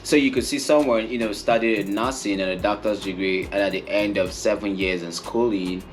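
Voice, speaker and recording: Young Nigerian man, very low voice, earnest and emphatic casual interview answers, soft music bed. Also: steady tone, moderate pace. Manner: earnest and emphatic, repeats his points. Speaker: co-host of a couple's channel.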